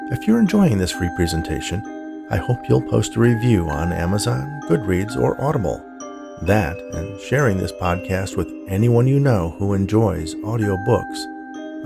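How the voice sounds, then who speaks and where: A man, host and author, narrating an audiobook in a measured, steady way. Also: lowish voice, creaky.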